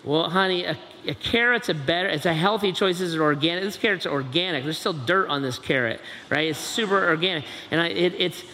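A man giving a sermon in a large hall, playful and animated, acting out family scenes for the congregation. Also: fairly high pitch, fairly quick, hardly any pauses, a little hiss or hum. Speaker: preacher. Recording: echoey hall.

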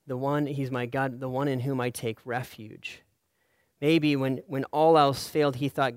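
A man preaching a sermon in an earnest way, often checking in with "right?" and letting his voice fall soft on key lines. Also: medium pitch, steady tone, measured pace, clean tone, dry recording, studio quality. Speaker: pastor.

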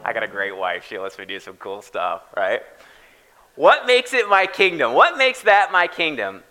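A man preaching a sermon as pastor, animated and checking in with the congregation with repeated "right?". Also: medium pitch, normal speed, faint music behind, rough recording. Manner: animated, tags lines with "right?".

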